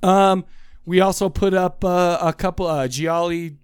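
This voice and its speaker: A man riffs through casual podcast banter, rambling and cracking jokes. His voice is smooth and resonant and sits a bit high, and the sound is dry and close. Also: moderate pace, no room sound. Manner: rambling, joking, animated asides. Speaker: podcast co-host.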